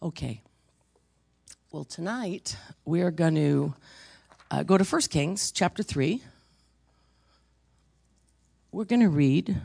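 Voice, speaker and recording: A woman in her sixties preaching, rambling through personal stories and swinging from hushed to emphatic. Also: lowish voice, vocal fry, breathy edge, no echo.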